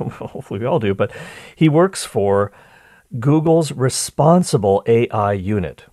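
A man's voice: lowish voice, a little mellow, no echo, studio quality. A man giving casual commentary, reading from a transcript with chatty, digressive asides and frequent restarts.

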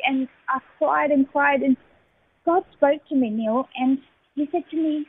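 Woman, radio guest, personal testimony, halting and emotional, somewhat high voice, tinny phone line. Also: steady tone. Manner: halting, emotional storytelling with many fillers.

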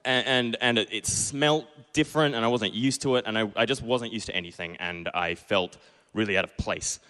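A young Australian man in his twenties from Perth tells a self-deprecating true story live on a small pub stage, acting out his own past lines. His medium-pitched voice is pushed, bright, clear and resonant, a little fast with hardly any pauses, and a long reverb tail trails it.

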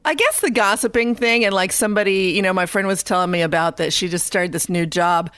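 A woman co-hosting a casual radio chat, chatty and quick to laugh. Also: mid-range voice, a bit bright, smooth, no echo. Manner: chatty, laughs, mimics others. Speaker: radio show co-host.

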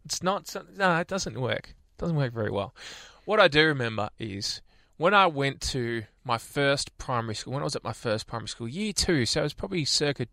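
A man's voice: medium pitch, lively intonation, brisk, gravelly, few pauses, bright, forceful tone, no echo, clean studio sound. A man, co-hosting a radio show and rambling through memories with frequent restarts. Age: 20s. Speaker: radio co-host. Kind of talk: casual radio banter. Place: radio studio.

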